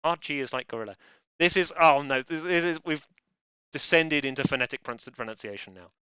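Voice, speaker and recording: A man hosting a relaxed quiz with a bright, forceful voice that stays smooth and crisp. He chats playfully and keeps interrupting himself with joking asides. The sound is dry and close, with little room around it. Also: fairly high pitch, a little fast, dry recording. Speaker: quiz host. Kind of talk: casual live quiz hosting.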